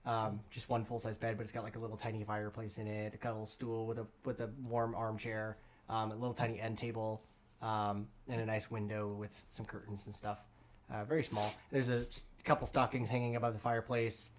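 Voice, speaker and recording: A man's voice: fairly low pitch, flat delivery, a little fast. A man running a tabletop game as game master, describing scenes in a loose, hesitant way full of ums and likes.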